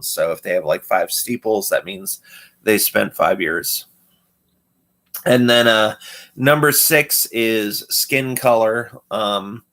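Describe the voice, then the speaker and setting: A livestream host rambles casually through a loose numbered list, explaining point by point with plenty of fillers and restarts. His voice is fairly low in pitch and a bit bright.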